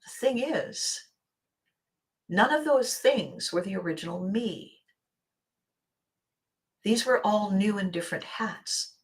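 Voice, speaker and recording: A woman from Canada hosting a solo motivational podcast, talking in an animated, playful way and laughing often. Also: mid-range voice, takes it slowly, pauses often. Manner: animated and playful, laughs often, acts out little quoted exchanges. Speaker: podcast host.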